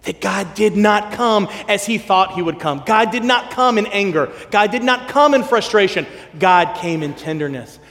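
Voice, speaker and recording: A man preaching a sermon, animated, acting out quoted lines and dropping to a soft hush for emphasis. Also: high-pitched, moderate pace, few pauses. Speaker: pastor. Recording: long hall reverb.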